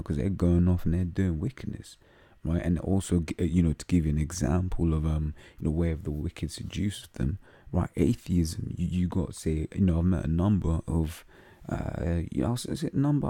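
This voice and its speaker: A man's voice: sits low, warm tone, slightly rough, no echo. A man with a London accent reading Bible verses aloud and explaining them in casual, slang-heavy talk full of fillers. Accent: London English. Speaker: religious teacher.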